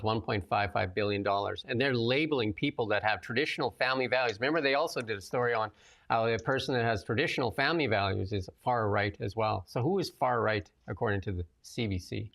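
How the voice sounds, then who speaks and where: Male talk co-host, gravelly voice, blunt and opinionated. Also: mid-range voice, a bit bright. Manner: opinionated, blunt, rapid asides. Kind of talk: political talk show commentary.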